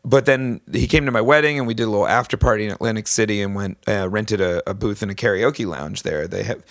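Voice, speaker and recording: A man's voice: lowish voice, fast talker, no echo, studio quality. A man guest on a podcast, telling a story in casual chat with lots of fillers and restarts. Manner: rambling storyteller, many fillers.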